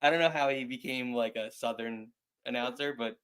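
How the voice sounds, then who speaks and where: A man hosting a casual wrestling chat show, talking in a rambling, halting way with frequent restarts. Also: mid-range voice, fairly bright tone, clear, resonant tone. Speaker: podcast host.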